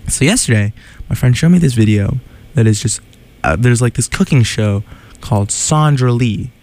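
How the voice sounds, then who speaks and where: A man's voice: mid-range voice, expressive, moderate pace, a little mellow. A man hosting a radio show, chatting casually and animatedly, laughing and sounding incredulous. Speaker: radio host.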